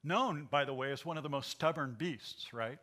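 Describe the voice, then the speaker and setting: Animated older preacher with a bright voice. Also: male voice, fairly high pitch, normal speed. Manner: animated storytelling, chuckling often. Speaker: pastor. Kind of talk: sermon.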